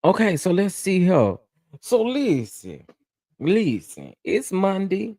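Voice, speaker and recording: A man hosting a casual live-stream chat, talking in drawn-out exclamations and swooping up high in mock outrage. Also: wildly swooping pitch, dark tone, no echo, clean studio sound.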